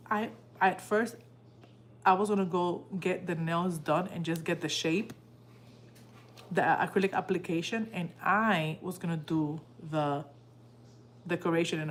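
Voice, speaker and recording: A woman tells a personal story on her live stream in a casual, heartfelt way. She acts out what others said in lively bursts. Her voice sits a bit low, with a faint steady hum in the background. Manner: animated, emotional retelling that acts out quoted dialogue. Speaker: livestream host.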